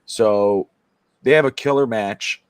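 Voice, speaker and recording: A man co-hosting a casual sports talk stream, recounting events with excitement and plenty of fillers. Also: lowish voice, slow, clear, resonant tone, no echo. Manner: excited storyteller, many fillers. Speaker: sports talk show co-host.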